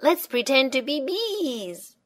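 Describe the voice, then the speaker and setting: A bossy, cheerful little piglet girl, as a storybook reader puts her on, squeals with excitement. Her voice sits high and bright and leaps about eagerly. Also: slow pace, exaggerated voice. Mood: excited.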